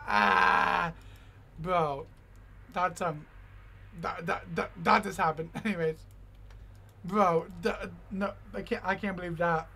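Young man, high voice, excitable gameplay commentary, slangy, repeats himself, yelps at the game. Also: slow, gravelly. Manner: excitable, talks to the game character, repeats himself, says "yo" and "bro" a lot. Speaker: gaming YouTuber.

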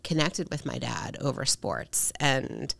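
A woman's voice: extremely low pitch, expressive, slow, creaky, a bit bright, dry recording. A woman hosting a podcast, talking earnestly and chattily, often tagging her points with "right?". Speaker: podcast host. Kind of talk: casual conversational interview.

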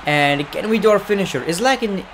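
A young man commenting on a wrestling video game, excitable and profane, sometimes doing mock announcer calls. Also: high-pitched, a little fast, background noise. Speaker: gaming commentator. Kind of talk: let's play commentary.

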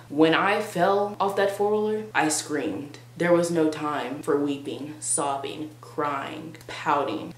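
A young woman vlogger telling a comic story in a dramatic, sarcastic, exaggerated way. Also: on the low side. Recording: roomy with faint hum.

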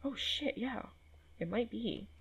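A woman's voice: a little high, expressive, slow pace, slightly rough, rough recording. A woman casually commentating a game, chatty and swearing, reading in-game notes aloud. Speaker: gaming video host. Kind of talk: casual let's play commentary.

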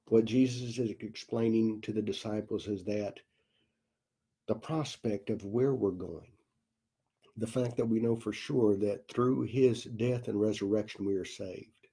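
A male pastor telling a story in a sermon, slow and deliberate with long dramatic pauses. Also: on the low side, steady tone, dark tone, slightly rough. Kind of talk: sermon storytelling in a recorded Bible study.

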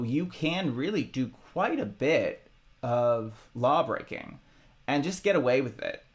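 A man musician talking casually about his own songs, halting and rambling with many restarts. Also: mid-range voice. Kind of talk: casual reflective monologue.

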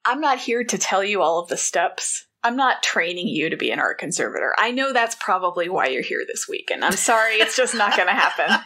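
Woman cohost chatting casually, wry dry asides, middle pitch voice. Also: big pitch swings, brisk, few pauses, sharp tone. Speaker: podcast co-host. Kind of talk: casual chat.

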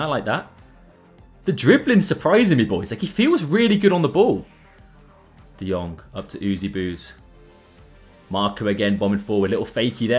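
A young man talks through his own matches, his pitch leaping up whenever a chance opens. His delivery is casual and lively, like gameplay commentary. Faint music plays quietly underneath. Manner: excitable, jumps in pitch at big chances. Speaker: gaming YouTuber.

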